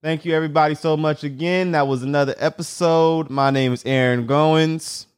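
A man's voice: on the high side, fairly even intonation, moderate pace, clear, resonant tone. A man hosting a solo podcast, telling profane comedic stories with lots of filler and repetition. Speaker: podcast host.

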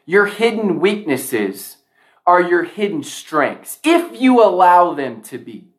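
A man's voice: high voice, very animated, takes it slowly, a bit bright. A man giving a motivational speech to a sales audience, emphatic, often repeating key lines for effect. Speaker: motivational speaker.

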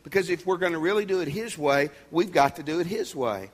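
A man's voice: fairly high pitch, fairly quick. Man preaching in a raised, conversational voice. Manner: conversational and emphatic, with folksy asides and jokes. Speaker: pastor. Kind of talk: sermon.

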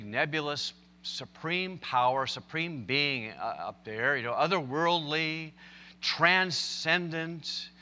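A man's voice: a little high, pushed and bright, in a large hall. A man preaching a sermon, telling stories and building to emphatic, impassioned points. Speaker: pastor.

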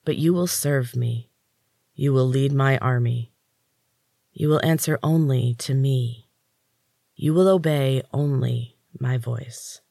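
A man voicing a cruel, soft-spoken male captor whose gentle voice carries a cold, hissing menace. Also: mid-range voice, takes it slowly, vocal fry, no room sound, studio quality. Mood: softly menacing. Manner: gentle, soft voice with a chill behind it.

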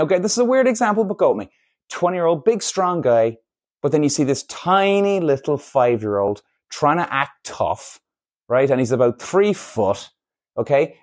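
Man, podcast host, casual monologue, animated, swooping pitch. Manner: animated, acts out little scenes in put-on voices.

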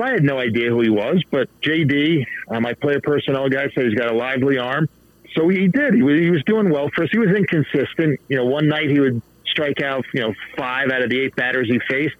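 A man in his fifties telling baseball stories as a guest in a casual interview, animated and laughing often. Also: medium pitch, fairly quick, dry recording, narrow, tinny audio. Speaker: author and baseball manager guest.

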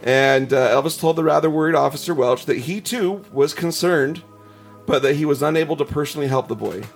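Podcast host, male, gravelly, reads ghost tales with chuckling asides, faint music under. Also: fairly high pitch, brisk. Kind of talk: casual podcast chat reading ghost stories.

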